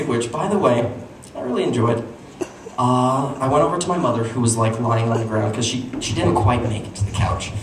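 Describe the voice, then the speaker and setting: A man performing a stand-up comedy story at a small live show, animated and breaking into squeaky voices for his characters. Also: a little fast. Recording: echoey room, distant mic, noisy.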